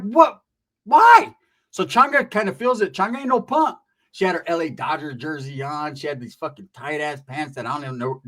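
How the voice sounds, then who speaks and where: A man telling a comic story in an animated, profane, slang-heavy way. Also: sits high. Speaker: comedian.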